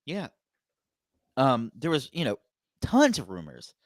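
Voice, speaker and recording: Animated man hosting a wrestling podcast. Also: medium pitch, takes it slowly, no room sound. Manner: animated, laughing, repeats "you know" and "right?". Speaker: podcast host, channel owner. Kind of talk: casual wrestling talk.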